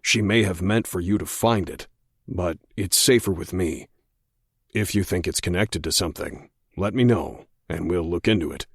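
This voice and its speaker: A man narrating an audiobook voices a cold, controlled male federal agent who speaks slowly and quietly threatens. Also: breathy edge, no echo, studio quality. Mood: cold, insistent. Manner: slow, low, quietly threatening.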